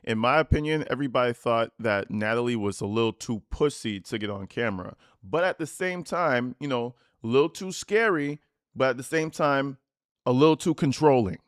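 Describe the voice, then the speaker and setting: A man ranting in a profane, mocking, animated style while giving reaction commentary on a video. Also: mid-range voice, normal speed, no echo, studio quality. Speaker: commentary YouTuber.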